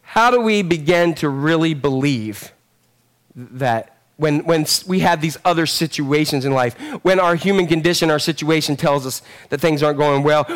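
In a high, energetic voice, a middle-aged pastor gives an animated sermon. He calls out to the congregation, his delivery rising to loud passages and dropping to hushed ones.

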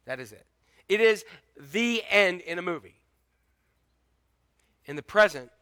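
A man preaching a sermon as pastor, swinging between loud urgent exhortation and hushed, intimate lines. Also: sits high, lively intonation, measured pace, long pauses, no echo. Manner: repetitive emphatic exhortation.

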